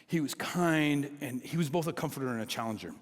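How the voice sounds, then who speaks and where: Preaching with animated stories and acted-out dialogue, a middle-aged pastor delivers his sermon at a brisk pace. His medium-pitched voice carries a big-room sound.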